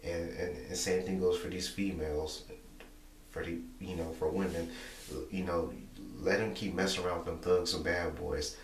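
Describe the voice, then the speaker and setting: A young man talking casually to camera, repeating himself and filling pauses with "you know". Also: low voice, flat delivery. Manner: repetitive, rambling, many "you know" fillers. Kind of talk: casual monologue vlog. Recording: echoey room, distant mic, faint hum.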